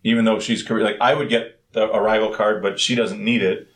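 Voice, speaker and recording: Brief: male talker, casual chat, animated anecdote teller with voice impressions. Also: lowish voice, fairly quick. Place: married, lives in Korea.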